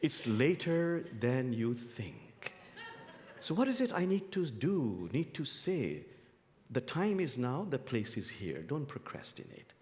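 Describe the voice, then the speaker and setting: A man, an imam giving a guest sermon, telling humorous stories in a playful, animated way. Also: medium pitch, slow. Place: spiritual center sanctuary. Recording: long hall reverb.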